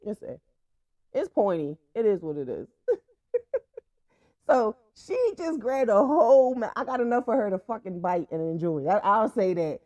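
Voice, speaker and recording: A young podcast host from Franklin, Virginia, USA, tells stories in a casual monologue, bluntly, profanely, and with plenty of laughter. Her mid-range voice is very animated and dark in tone, at a moderate pace, and the recording is dull, dry, and lo-fi.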